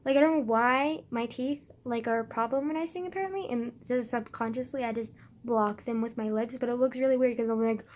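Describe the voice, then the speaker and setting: A woman's voice: fairly high pitch, a little fast, hardly any pauses, a little mellow. A young woman vlogging in a casual, rambling way, swearing often and sometimes dropping into a whisper.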